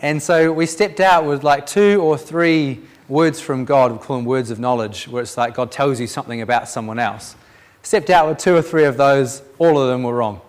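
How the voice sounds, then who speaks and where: A man's voice: mid-range voice, moderate pace. A man sharing a Christian testimony as a preacher, telling the story with animation, acting out the voices in it and often restarting his sentences.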